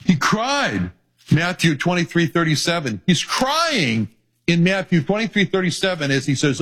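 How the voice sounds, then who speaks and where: A man's voice: on the high side, big pitch swings, moderate pace, fairly bright tone. A male pastor preaching an earnest sermon, reading scripture aloud.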